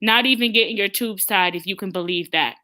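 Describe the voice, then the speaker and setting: A woman's voice: medium pitch, a little fast, pushed and bright, a little hiss or hum. A woman hosting an opinionated live talk stream, blunt and emphatic, often stammering and restarting her sentences. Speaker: host.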